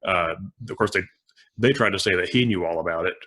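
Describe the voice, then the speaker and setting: A man being interviewed as a forensic accountant, answering casually with frequent pauses and restarts. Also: low voice, bright, forceful tone. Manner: hesitant, many restarts and "uh"s.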